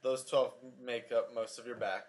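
A man's voice: medium pitch, fairly even intonation, normal speed. A man co-hosting a fitness podcast in casual chat, dropping dry sarcastic asides. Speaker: podcast co-host, personal trainer.

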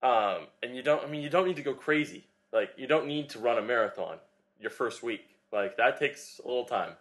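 A man's voice: medium pitch, lively intonation, brisk, a bit bright. Rambling male fitness podcast co-host. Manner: rambling, filler-heavy explaining. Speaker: podcast co-host, personal trainer. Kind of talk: casual chat.

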